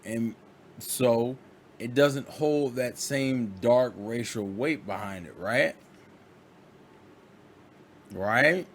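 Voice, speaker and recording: Guy ranting on his vlog, mid pitch, lots of restarts, bit of hiss behind. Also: extremely slow, long pauses. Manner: rambling and animated, with frequent restarts and acted-out quotes. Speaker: vlogger. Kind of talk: casual monologue to camera.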